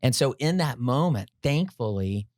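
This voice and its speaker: A man telling a personal story on a podcast, lively and folksy, often tossing in "right?" and "you know" as he goes. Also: mid-range voice, measured pace, dry recording. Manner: energetic, peppers talk with "right?" and "like, you know"; addresses listeners directly, folksy and humorous. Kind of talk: animated conversational storytelling.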